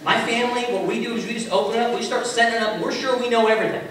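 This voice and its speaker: A man preaching a sermon as a pastor, telling stories in a relaxed, conversational way with self-mocking humor. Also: very high-pitched, fast talker. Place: large echoey church sanctuary. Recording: echoey hall from far off with faint hiss.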